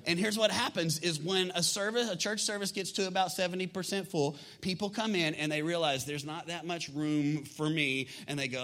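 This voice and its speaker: A man, a pastor preaching a sermon to his congregation, energetic and emphatic, often asking the room rhetorical questions. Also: on the high side, a little fast, few pauses. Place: church sanctuary.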